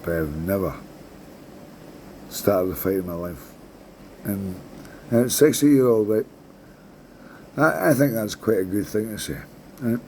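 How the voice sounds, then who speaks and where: Scottish man, sixties, rambling vlog story, dark mellow voice, faint background hiss. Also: fairly low pitch, animated, a little slow, pauses often. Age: 60s. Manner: rambling, swears a lot, keeps adding "right?". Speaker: vlogger. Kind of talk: casual storytelling monologue.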